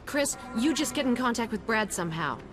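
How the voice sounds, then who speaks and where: A brave special-forces officer, played by a woman, gives firm, steady orders in a slightly high voice. She volunteers to hold off the danger herself. Game music plays clearly behind her. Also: a little fast, close to an everyday voice. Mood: determined. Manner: firm, directing a teammate.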